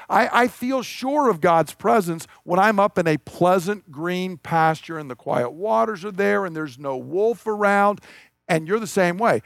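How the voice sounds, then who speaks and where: A man's voice: sits high, no echo. A man preaching a sermon as pastor, earnest and conversational, building emphasis as he explains scripture.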